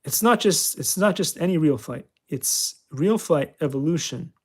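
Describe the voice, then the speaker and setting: A Californian channel host plays a flight simulator, chatting away and talking to himself with self-mocking commentary. His voice is fairly high and slightly rough, animated, at a normal speed.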